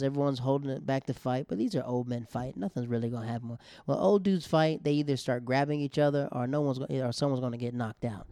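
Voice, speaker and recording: A man's voice: medium pitch, mellow, clean tone, no echo, clean studio sound. A man casually recapping a TV episode in loose slang, joking about the writers as he goes. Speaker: TV show recapper.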